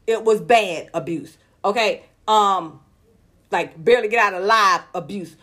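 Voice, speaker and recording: A woman's voice: mid-range voice, a little slow, fairly bright tone. A woman vlogger giving heated, outspoken celebrity gossip commentary, talking straight to her viewers in casual slang.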